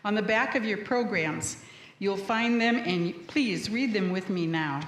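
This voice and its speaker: A woman's voice: mid-range voice, normal speed. A woman minister leading a church service, welcoming newcomers and leading a group reading. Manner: warm, welcoming, leads congregation in group reading. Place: church sanctuary. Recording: echoey church hall.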